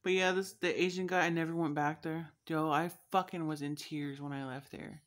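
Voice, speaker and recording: Young woman vlogger, slightly low voice, rambling profane storytelling with frequent laughs. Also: fairly even intonation, normal speed. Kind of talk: casual storytelling vlog.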